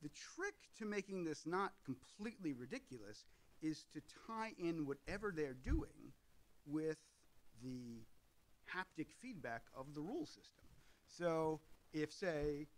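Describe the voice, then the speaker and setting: A man's voice: on the high side, rough recording. A man hosting an explainer video on tabletop games, talking through ideas in a discursive way with asides. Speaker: host.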